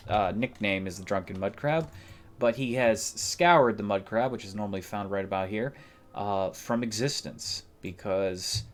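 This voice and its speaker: A man live-streams an online game and talks to himself and his viewers as he plays. His voice sits on the low side, and he drifts from one chatty, low-key aside to the next. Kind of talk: casual rambling gameplay commentary.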